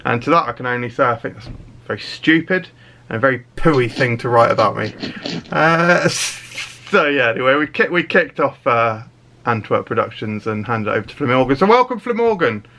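A man's voice: medium pitch, moderate pace, bright, forceful tone, slight background noise. A man hosting a comedy podcast, telling absurd stories in a mock-serious, sweary way. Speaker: podcast host. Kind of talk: deadpan comedy podcast banter.

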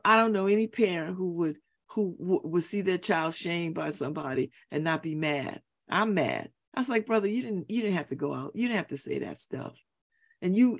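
A middle-aged woman hosting a talk radio show, giving an opinionated monologue and repeating her points for emphasis. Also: fairly low pitch. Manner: emphatic, repeats phrases for effect, preachy. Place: radio studio.

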